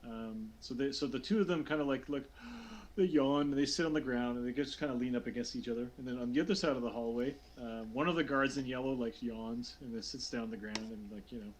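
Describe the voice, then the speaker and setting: A man's voice: mid-range voice, fast talker, few pauses, a little hiss or hum, low-quality recording. A young man running a tabletop game as game master, talking with many fillers and restarts.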